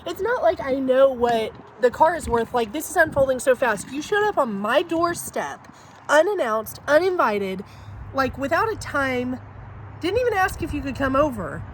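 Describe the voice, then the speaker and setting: A woman with a high voice tells a story straight to her camera, chatty and animated. A faint hum sits behind her. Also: normal speed, poor audio. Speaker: vlogger. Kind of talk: casual storytime.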